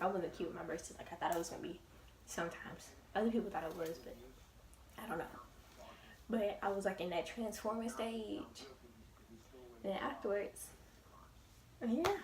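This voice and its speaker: A young woman telling a story in a casual, animated and emphatic way. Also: mid-range voice, a little fast, pauses often, distant mic, crowd noise. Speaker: vlogger. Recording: roomy, away from the mic.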